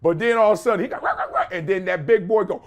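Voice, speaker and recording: A man hosting a podcast, talking in animated casual commentary, laughing often and slipping into quick voices of other people. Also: high-pitched, highs cut off. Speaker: podcast host.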